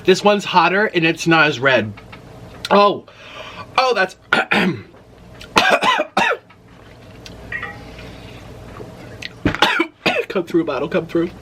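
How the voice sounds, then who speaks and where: Lively young man, animated eating vlog. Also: fairly high pitch, normal speed, a little hiss or hum. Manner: animated, exclaims loudly at spicy food. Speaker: mukbang host. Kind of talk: casual eating vlog chat.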